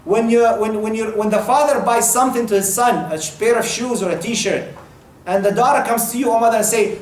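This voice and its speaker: A man's voice: high-pitched, fairly quick, echoey room, poor audio. A man giving an earnest sermon of advice, repeating key points and acting out brief exchanges. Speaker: preacher.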